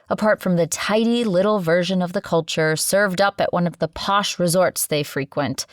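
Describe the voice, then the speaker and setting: A woman's voice: lowish voice, smooth, no room sound. A woman narrating a first-person audiobook with sardonic, wry asides, recorded on a close studio mic.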